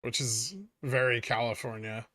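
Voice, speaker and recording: A man hosts a casual livestream and reads viewer messages aloud. He answers them with irreverent jokes and swears freely. His voice sits at a middling pitch, and the sound is dry with no room echo. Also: little pitch movement, normal speed, bright, forceful tone. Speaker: livestream host. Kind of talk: casual livestream chat reading.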